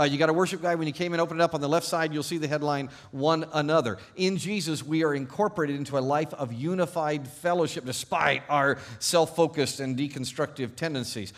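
A male pastor delivers a sermon to his congregation, his voice sitting a little higher than most men's. His storytelling is animated and self-deprecating, shifting between loud, ironic emphasis and quiet confession. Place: church service before a congregation.

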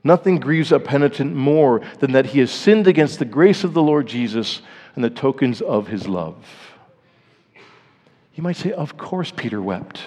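A male pastor delivering a sermon in a middle-pitched voice that sinks into hushed, grave lows before climbing to emphatic peaks. His words ring out with a long reverb, as if he is speaking in a large church sanctuary. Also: lively intonation, moderate pace.

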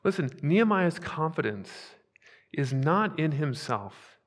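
A male pastor preaching a sermon, emphatic, swinging between hushed asides and loud, rising declarations. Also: a little high, very animated, slow, in a large hall.

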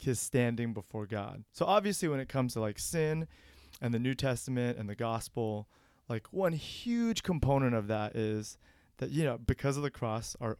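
A man earnestly discussing a sermon in a relaxed, reflective church podcast conversation. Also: medium pitch, smooth, no room sound, studio quality.

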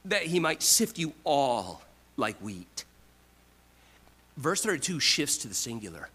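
A man delivers a sermon in a bright, forceful voice, taking his time over every phrase. He presses on key lines with emphatic restarts and lets others fall nearly to a hush. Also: mid-range voice, sing-song, measured pace, slightly rough, poor audio. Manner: emphatic preaching with repeated restarts, swings from loud to quiet. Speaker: pastor.

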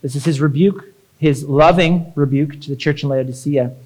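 Lively, conversational male preacher. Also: a little high, normal speed, low-quality recording. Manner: energetic, conversational preaching with frequent "right?". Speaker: pastor. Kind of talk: sermon.

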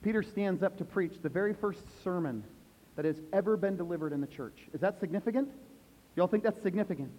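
High-voiced pastor preaching in a hall. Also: male voice, brisk. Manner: asks the congregation questions, swings from hushed to loud emphasis. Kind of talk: sermon. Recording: echoey hall, dull lo-fi sound.

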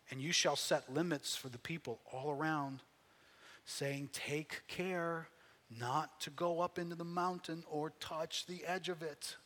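A man preaching a sermon, animated, swinging from quiet asides to loud emphatic bursts. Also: fairly high pitch, in a large hall. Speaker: pastor.

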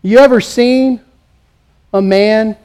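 High-voiced preacher man, emphatic. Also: fairly even intonation, takes it slowly, a little mellow, clean tone. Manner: emphatic, rhetorical questions, acts out quoted voices. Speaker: pastor. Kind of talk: sermon.

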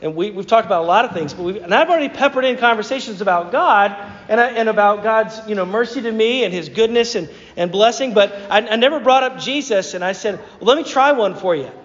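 Southern male pastor, high-pitched, casual halting sermon, dull recording in a reverberant hall. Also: a bit bright. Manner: conversational, hesitant storytelling with many fillers and restarts.

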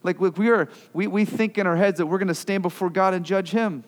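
A man's voice: high voice, fairly even intonation, brisk. Impassioned male preacher in a reverberant hall. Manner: impassioned, swings between loud outbursts and quiet asides. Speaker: pastor. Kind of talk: sermon.

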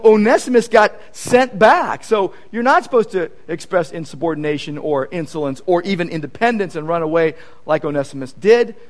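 Lively high-voiced male preacher. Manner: animated, acts out quoted conversations; emphatic repetition. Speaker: pastor. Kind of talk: sermon.

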